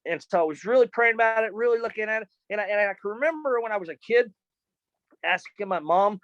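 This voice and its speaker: A man telling a personal story in an animated, excitable way, often repeating words and calling people "man". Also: high voice, fast talker, no room sound, lo-fi sound. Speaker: storyteller giving a personal testimony.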